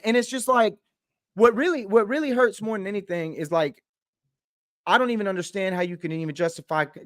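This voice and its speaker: A man's voice: high-pitched, fairly bright tone, dry recording, clean studio sound. A man in a heated sports talk show, indignant and ranting, repeating himself for emphasis.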